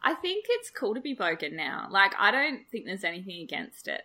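Bright, lively Australian woman chatting. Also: mid-range voice, fairly quick. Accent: Australian, Sydney Eastern Suburbs. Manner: giggly, chatty, self-described refined speech. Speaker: podcast co-host. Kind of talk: casual chat.

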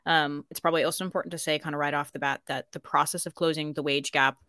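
American woman podcast cohost, bright tense voice, dry close mic, laughs a lot. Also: low voice, fairly even intonation, fast, dry recording. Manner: laughs often, quotes others in dialogue. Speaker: podcast co-host. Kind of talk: casual podcast chat.

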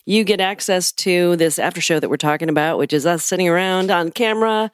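A woman's voice: fairly low pitch, brisk, smooth. A woman co-hosting a podcast in a casual, playful, teasing chat. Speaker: podcast co-host.

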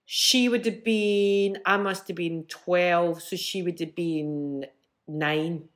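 A woman in her fifties with a slightly low voice, talking as an interview guest. She tells her stories in a lively, chatty way and often laughs along the way. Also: slow pace. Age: 50s. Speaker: guest, musician. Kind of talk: casual storytelling.

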